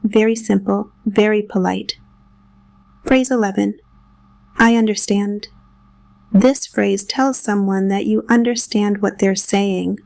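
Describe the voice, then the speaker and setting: A woman's voice: mid-range voice, steady tone, slow, gravelly, pauses often, a little mellow, dry recording. A woman narrating a scripted English lesson, patiently explaining simple phrases and modeling examples. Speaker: English teacher.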